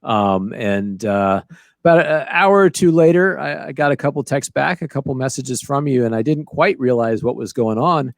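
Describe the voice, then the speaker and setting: A man's voice: mid-range voice, moderate pace, vocal fry, no room sound. A man hosting a podcast, cheering his guest on and leading the interview in a casual, encouraging way. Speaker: podcast host.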